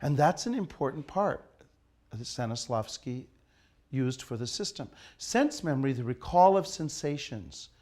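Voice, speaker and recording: A man's voice: medium pitch, expressive, a little slow, darkish tone. A man teaching an acting class in a studio, asking his students questions and leading them through an exercise. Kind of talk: classroom lecture.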